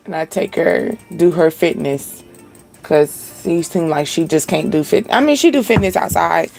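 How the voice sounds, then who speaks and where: A woman's voice: on the low side, expressive, unhurried, creaky, darkish tone, soft background music. A young woman hosting a spiritual channel, giving a casual live-stream reading in a chatty, laid-back way with frequent laughter.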